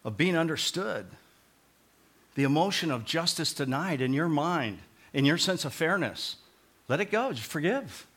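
A male pastor preaching a sermon in a conversational way, moving between loud emphatic points and quiet, earnest pleading, often repeating short phrases. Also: on the high side, sing-song, moderate pace.

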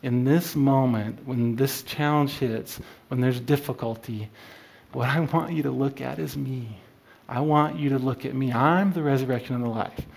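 A man teaches scripture in a loose, conversational way, pausing often and restarting his sentences. His voice sits in an ordinary middle pitch. He comes across as informal rather than preachy. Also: vocal fry, a little mellow. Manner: halting, many fillers and restarts, conversational. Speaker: Bible study teacher.

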